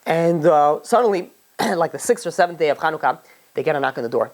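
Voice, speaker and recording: Fast-talking rabbi telling a story. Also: male voice, a little high, expressive. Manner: casual, many fillers and restarts. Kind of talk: storytelling sermon.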